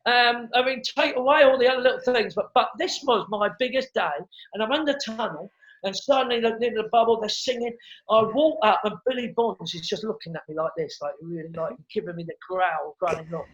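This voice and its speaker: A middle-aged man, a comedian, telling stories in a casual interview, animated and quick to repeat words and act out what others said. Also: high-pitched. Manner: animated storyteller who acts out quotes and repeats words. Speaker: comedian guest. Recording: dull lo-fi sound.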